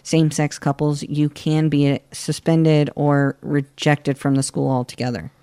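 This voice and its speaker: A man in his thirties from Florida, telling his own story in an interview with a candid, halting manner. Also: fairly high pitch, flat delivery, mellow, smooth. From Florida, United States. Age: 30s. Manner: candid, halting, with many restarts and fillers. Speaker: guest. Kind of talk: personal interview.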